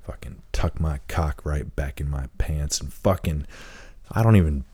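Speaking close to the mic, this man hosts a podcast and spins a lengthy, rambling tale with plenty of swearing in a relaxed monologue. His bass voice is mellow and husky, a little slow, with no echo.

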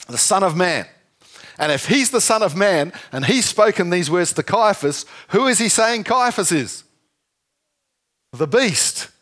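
Guy preaching, a bit high voiced, keeps throwing questions at the crowd, jokey. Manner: lively, asks the audience questions, jokey asides. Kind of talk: sermon.

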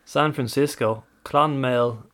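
A man with an Irish accent, co-hosting a podcast in casual chat, reading out survey results in a measured way. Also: medium pitch, fairly even intonation, a bit bright. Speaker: podcast co-host.

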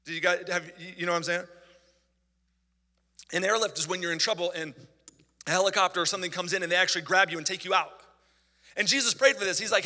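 Male pastor, chatty animated sermon style, brassy edge, reverberant church hall. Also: high-pitched, a little fast, pauses often. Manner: animated, conversational preaching with asides.

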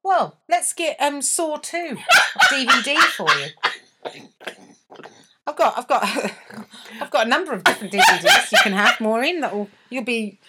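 A woman's voice: high-pitched, big pitch swings, moderate pace, heavy background noise. A woman co-hosting a podcast in casual chat, joking, teasing and laughing often, acting out quoted voices. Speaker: podcast co-host.

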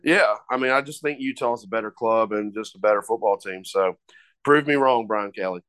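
A man co-hosting a casual sports betting podcast, halting and full of fillers. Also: lowish voice, fairly bright tone, smooth, no echo. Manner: halting, many fillers and restarts.

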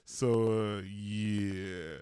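A man's voice: on the low side, fairly even intonation, very slow, dark tone, smooth, no echo, studio quality. A man co-hosting a casual chat show, talking loosely with lots of slang and frequent laughter. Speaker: podcast co-host.

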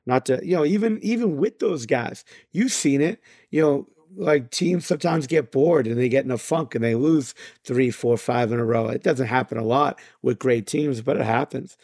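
A man's voice: medium pitch, normal speed, few pauses, darkish tone, no room sound, clean studio sound. A man co-hosting a basketball podcast, talking in a rambling, loose way full of fillers. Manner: rambling, many fillers and restarts. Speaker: podcast co-host. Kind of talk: casual chat.

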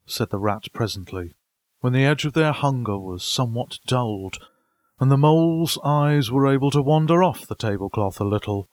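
Expressive man reading a storybook, dry. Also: mid-range voice, normal speed, dry recording. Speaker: audiobook reader. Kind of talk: storybook narration.

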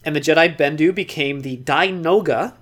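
Low-voiced woman telling film history casually. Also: normal speed. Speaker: podcast co-host. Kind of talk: casual chat, storytelling about film history.

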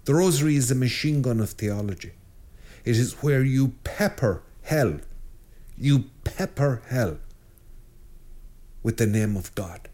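Middle-aged priest guy joking around, lively delivery, stumbles over his words a lot. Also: on the low side. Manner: animated, joking, with frequent restarts and stammers. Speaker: priest and show host. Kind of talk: informal spiritual talk.

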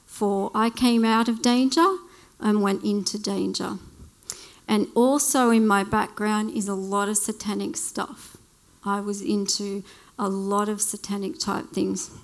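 Slow, halting woman giving testimony. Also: medium pitch. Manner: slow, halting, emotional retelling. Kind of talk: personal testimony.

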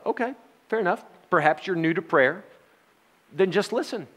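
A man's voice: sits high, expressive, normal speed, long pauses, fairly bright tone, slightly rough, in a large hall. A middle-aged man giving a Bible study sermon, talking in a conversational way with rhetorical questions and wry sarcastic asides. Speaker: Bible teacher.

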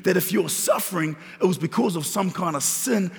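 Male pastor preaching, raspy high voice, repeats lines for emphasis, big reverberant church. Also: a little fast. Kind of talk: sermon. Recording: long reverb of a large hall.

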